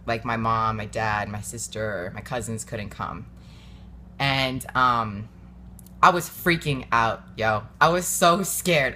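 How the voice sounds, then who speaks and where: A woman's voice: low voice, pushed and bright, a little hiss or hum. A woman hosting her own show in a casual motivational chat, earnest and encouraging, talking straight to viewers with loose fillers and repeats. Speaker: host.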